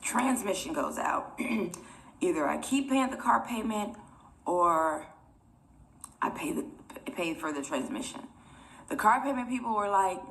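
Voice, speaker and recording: A woman's voice: medium pitch, animated, unhurried, long pauses, sharp tone. A young woman vlogger telling a personal story to her viewers in a rambling, chatty way, often close to tears. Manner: emotional, near tears.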